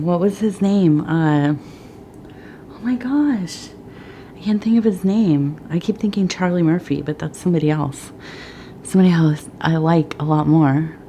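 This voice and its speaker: Woman, middle-aged, soft-spoken, partly whispered, rambling, slightly out of breath, low voice, slow. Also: a little hiss or hum. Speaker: tea leaf reader. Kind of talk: soft-spoken ASMR chat.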